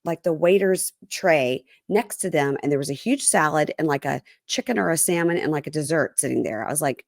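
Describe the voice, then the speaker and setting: A woman's voice: deep voice, fairly quick, creaky, dry recording, clean studio sound. A woman hosting a casual podcast, animatedly retelling a reality TV episode and quoting the cast lines in her own voice. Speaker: podcast host recapping reality TV. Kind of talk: casual chat.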